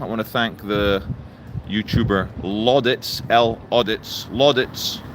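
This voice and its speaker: A man livestreaming outdoors, ranting and greeting viewers in the chat with lively energy. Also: fairly low pitch. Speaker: livestream host. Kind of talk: live-streamed political rant. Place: outdoors in a town. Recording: faint outdoor traffic noise.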